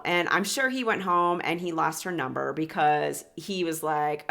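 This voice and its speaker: A woman's voice: low-pitched, a little slow, gravelly, sharp tone. A woman hosting a reality TV recap, gossiping sarcastically with laughing asides.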